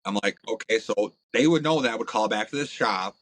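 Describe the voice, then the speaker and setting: A man, a podcast guest, telling crude, blunt stories in a casual, animated way. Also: lowish voice, fairly quick, low-quality recording. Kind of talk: profane casual storytelling.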